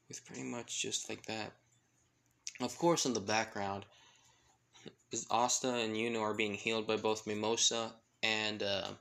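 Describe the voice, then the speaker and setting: A man's voice: lowish voice, gravelly, pushed and bright. A man casually narrating a fan-made story, rambling with many fillers and self-corrections.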